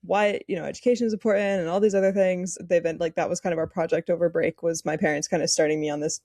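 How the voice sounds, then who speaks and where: A woman's voice: fairly low pitch, steady tone, fast, darkish tone, no room sound, studio quality. A young woman in college, co-hosting a podcast in casual chat and talking in an emphatic, fired-up way. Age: young adult. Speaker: podcast co-host.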